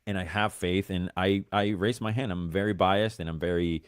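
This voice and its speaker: A man's voice: deep voice, fairly even intonation, moderate pace, clean tone, dry recording, clean studio sound. An American man talking football as a guest pundit on a video call, enthusiastic and self-deprecating. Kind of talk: casual football chat.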